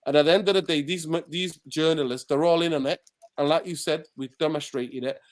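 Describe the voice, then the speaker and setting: A Manchester man who hosts his own channel rants passionately about football as a guest on a heated podcast discussion. His voice sits on the high side, steady in tone, and he talks fairly quickly.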